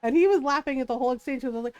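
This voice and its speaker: A middle-aged woman streamer chatting casually, telling an animated story with frequent laughs and quoted voices. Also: high voice, very fast, clean tone, no room sound. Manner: animated, laughing often, quoting others in shifting voices.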